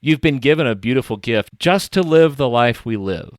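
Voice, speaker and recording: A man's voice: mid-range voice, animated, moderate pace, no room sound. A man hosting a podcast interview, reflecting on the guest's story and giving short reactions. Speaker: podcast host. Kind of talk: interview chat.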